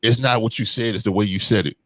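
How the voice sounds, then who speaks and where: Low-voiced guy, blunt and cussing, dry close sound, podcast chat. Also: steady tone, quick pace, a bit bright, no echo. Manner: blunt, profane storytelling with acted-out quotes. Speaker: podcast co-host. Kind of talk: casual chat.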